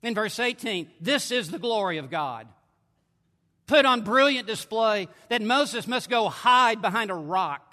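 A man preaching a sermon at a conference, emphatic, swinging between forceful declarations and hushed asides. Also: sits high, animated, unhurried. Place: large conference hall. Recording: long hall reverb.

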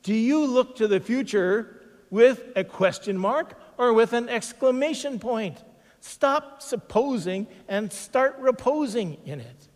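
A man preaching a sermon as pastor, emphatic, slowing down to stress repeated phrases. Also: very high-pitched, animated, in a large hall.

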